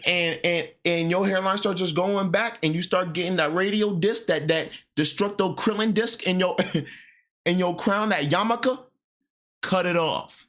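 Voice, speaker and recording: A man in his early twenties streaming, reacting loudly and mockingly to a sports talk clip. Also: moderate pace. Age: 20s. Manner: loud, mocking, with jumps into high falsetto bits. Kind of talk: reaction commentary.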